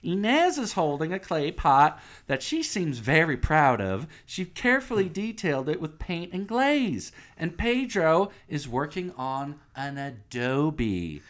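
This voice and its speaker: A man's voice: a little high, big pitch swings, unhurried, hardly any pauses, fairly bright tone. A man voicing a perky fake woman tour guide who recites every detail in chirpy scripted patter.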